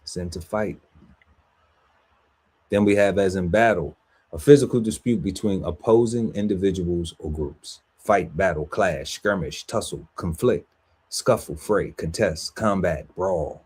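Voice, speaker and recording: A deep-voiced man co-hosting a podcast, working slowly through a list of words and tossing in playful asides. His voice is low and a little husky, and his delivery is unhurried. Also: a little mellow. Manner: lists words slowly, riffs playfully on them. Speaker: podcast co-host. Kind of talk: reading out a word list with banter.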